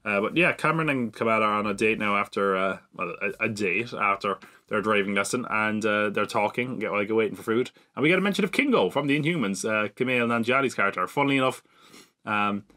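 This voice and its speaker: Chatty man, bright forceful voice. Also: lowish voice, fairly quick. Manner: chatty, rambling, with frequent fillers and self-mocking laughs. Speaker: podcast host. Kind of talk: casual solo TV episode recap.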